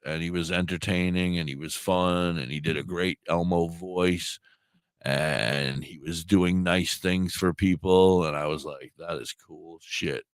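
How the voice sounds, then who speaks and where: A man with a sore throat telling a story casually on a radio talk show, animated, acting out quoted dialogue and swearing freely. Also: deep voice, smooth, dry recording. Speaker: puppeteer and live streamer.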